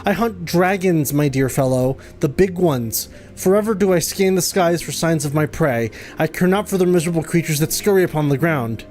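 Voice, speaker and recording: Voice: mid-range voice, lively intonation, normal speed, hardly any pauses, a little mellow, soft background music, close to an everyday voice. A streamer voicing a haughty male dragon hunter in a video game, with pompous, archaic phrasing.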